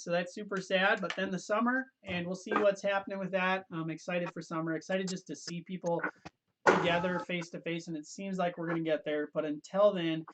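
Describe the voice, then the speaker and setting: A young man hosting a youth ministry livestream, chatting loosely with quick restarts and easy laughs. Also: high-pitched, noisy background. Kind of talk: casual livestream chat.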